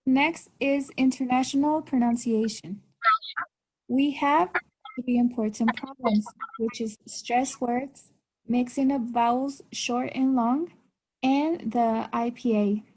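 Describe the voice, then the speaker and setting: A young woman giving a class presentation with a slightly high voice. She explains step by step and often breaks off and restarts her sentences. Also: fairly even intonation, slow pace, a little mellow, slightly rough. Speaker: student presenter.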